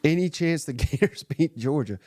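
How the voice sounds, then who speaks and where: A man's voice: a little high, expressive, normal speed, darkish tone, no echo, studio quality. A man hosting a live sports reaction podcast, giving blunt, exasperated and profane commentary. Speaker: podcast host.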